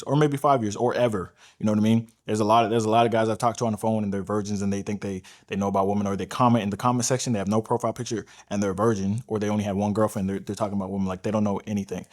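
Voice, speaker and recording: A man's voice: on the low side, a little mellow. A man giving blunt, profane dating advice to the camera, often tagging his points with "all right?" and "right?". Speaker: dating coach.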